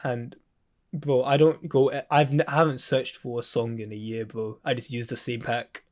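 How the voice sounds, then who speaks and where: Man as mentor, casual and slangy, relaxed advice-giving, mid pitch. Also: moderate pace. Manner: laid-back, slangy, says bro a lot. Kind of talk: casual chat.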